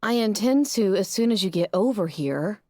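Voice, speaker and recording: Lady reading a calm wry pony mare, quiet and soft, dry sound. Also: mid-range voice, normal speed, no room sound, voice pushed down, lightly acted.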